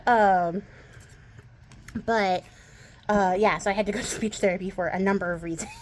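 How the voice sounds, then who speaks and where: A woman's voice: medium pitch, steady tone, normal speed, darkish tone, a little hiss or hum. A young woman from the western United States with a light Texas twang over a West Coast accent, rambling casually about her crafts with lots of fillers and laughs. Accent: mild Texas twang over a West Coast accent. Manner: chatty, rambling, laughs often, many fillers. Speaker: crafting channel host.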